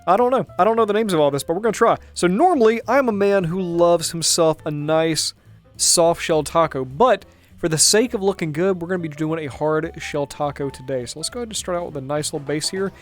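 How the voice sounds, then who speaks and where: A man running a gaming channel keeps up upbeat, jokey commentary as he plays, with faint music behind. His voice is fairly high and a little fast.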